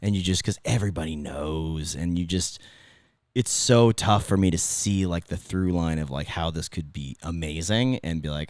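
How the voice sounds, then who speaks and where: A man's voice: deep voice, moderate pace, darkish tone, dry recording. A middle-aged man with a Californian accent, a former radio host telling stories in a casual podcast chat, rambling and restarting his sentences. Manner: rambling, self-interrupting storyteller.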